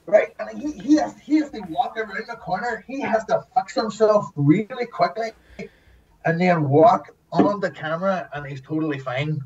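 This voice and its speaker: Animated swearing man telling set stories. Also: high voice, moderate pace, distant mic, muffled recording, a little hiss or hum. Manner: animated, swears often, acts out quotes. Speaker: guest, former TV extra. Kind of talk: casual storytelling.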